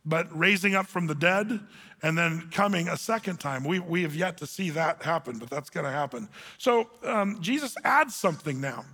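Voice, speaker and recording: A man's voice: fairly high pitch, lively intonation, normal speed, sharp tone, slightly rough. A male pastor teaching through a Bible passage in a folksy, conversational preaching style with colloquial words. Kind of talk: sermon, verse-by-verse Bible teaching. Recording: long reverb of a large hall.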